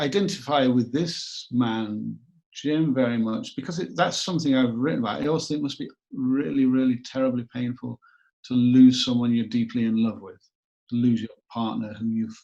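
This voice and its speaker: A man's voice: mid-range voice, darkish tone. A middle-aged man from northern England, chatting in an interview, rambling and self-deprecating and repeating his words. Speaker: actor guest. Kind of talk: casual interview chat. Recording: dull lo-fi recording.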